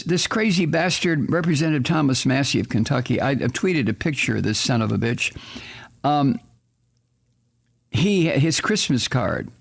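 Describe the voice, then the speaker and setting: In a mid-range, creaky voice, a man hosting a political talk radio show rants angrily through his commentary monologue. He swears a lot and throws in exasperated, sarcastic asides.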